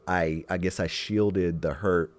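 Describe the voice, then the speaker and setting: A man co-hosting a podcast in casual chat, reflecting slowly on his feelings and searching for words. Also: low voice, steady tone. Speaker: podcast co-host.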